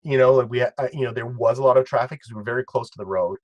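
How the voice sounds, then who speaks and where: Co-host, male, excitable and rambling with many restarts, medium pitch, recorded dry. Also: racing, no room sound, lo-fi sound. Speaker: co-host and video editor. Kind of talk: casual commentary chat.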